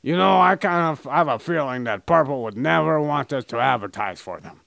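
A man's voice: on the high side, lively intonation, normal speed, vocal fry, a bit bright, no echo. A man co-hosting a crude comedy podcast, rambling and joking, sometimes slipping into a mock advertiser voice. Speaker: podcast co-host.

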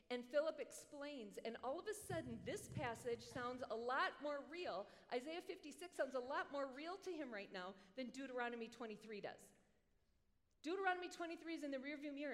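A woman preacher giving a sermon in an animated, conversational way, with joking asides, in a large hall. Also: high voice. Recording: long hall reverb.

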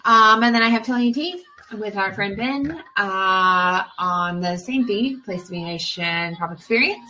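A woman's voice: mid-range voice, measured pace, pushed and bright, a little hiss or hum, poor audio. A woman co-hosting a podcast, chatting casually with many fillers as she thinks aloud. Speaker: podcast co-host. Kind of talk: casual chat during a movie watch-along.

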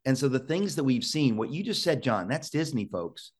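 A man's voice: medium pitch, sing-song, normal speed, husky. A male talk show host urgently exhorting his listeners, often restarting words in a rush.

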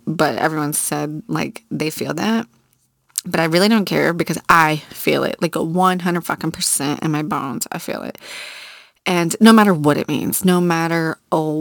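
Low-voiced woman telling a candid story. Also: dry recording, clean studio sound. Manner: candid, chatty, with frequent fillers and swearing. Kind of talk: casual personal storytelling.

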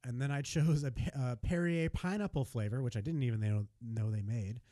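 A man's voice: mid-range voice, brisk, warm tone, no room sound. An American man co-hosting a podcast in casual chat, rambling with lots of restarts and self-corrections. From United States. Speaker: podcast co-host.

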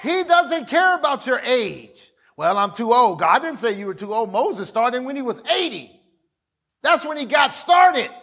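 A fiery male pastor preaching a sermon, his voice pitched very high. He shouts his points and calls on the congregation to answer back. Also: sing-song, a little slow. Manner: fiery, calls for audience response, often shouts.

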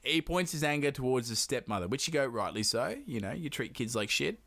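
A man's voice: mid-range voice, animated, fairly quick, creaky, a bit bright. Crude, laughing man retelling a tale. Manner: laughs often, swears freely, acts out characters in quoted voices. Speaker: podcast co-host retelling a folktale. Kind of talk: casual chat, crude and joking.

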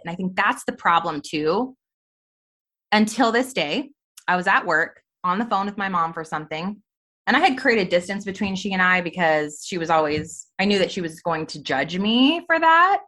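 Candid, animated woman sharing her story. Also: fairly low pitch. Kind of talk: personal testimony in conversation.

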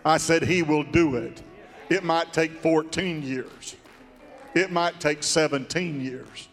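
A man preaching from the pulpit of a church, his voice a little high and unhurried. He delivers his sermon in a slow, drawn-out cadence that now and then lifts into song. The sanctuary carries a long reverb, with soft instrumental music underneath. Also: steady tone. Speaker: pastor.

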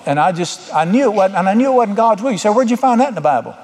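Middle-aged man, pastor sermon, fairly high pitch, reverberant church hall. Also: sing-song, fast talker, darkish tone. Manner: folksy, preaching with rising emphatic bursts.

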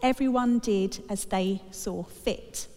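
A woman's voice: medium pitch, slow pace, darkish tone. Wry woman preaching in a hall. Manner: chatty, wry humour. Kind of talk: sermon. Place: church.

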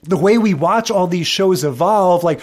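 A man's voice: sits high, animated, normal speed. A man co-hosting a podcast, chatting enthusiastically about old sitcoms. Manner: chatty, enthusiastic, acts out lines from shows. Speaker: podcast co-host. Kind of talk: casual chat.

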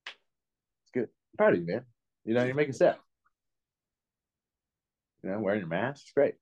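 A man's voice: mid-range voice, expressive, moderate pace, darkish tone, lo-fi sound. A man co-hosting a podcast in casual, teasing banter. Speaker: podcast co-host.

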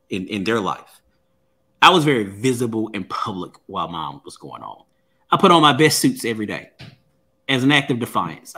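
A man's voice: medium pitch, sharp tone. A man who is a guest and author, telling a personal story in an interview in an earnest way and often repeating words as he starts a thought.

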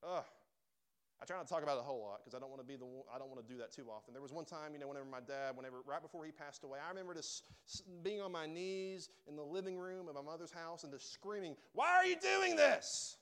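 A man preaching a sermon to a church, emphatic and emotional, rising to loud pleas and dropping to soft, quiet lines. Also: on the high side, rapid-fire, clear, resonant tone. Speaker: pastor. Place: church sanctuary.

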